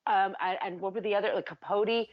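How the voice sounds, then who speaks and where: A woman co-hosting a podcast in casual chat, animated and acting out scenes as she retells them. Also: mid-range voice, fairly quick, dull audio. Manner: animated, acts out movie characters with shouting. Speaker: podcast co-host.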